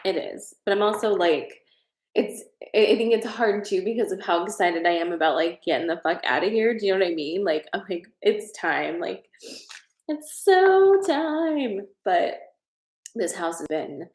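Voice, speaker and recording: A woman's voice: fairly low pitch, a little fast, roomy sound, low-quality recording. A woman hosting a casual live-stream card reading from her home, chatty and heartfelt as she reads viewer comments. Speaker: host. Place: at home, in a room of her house.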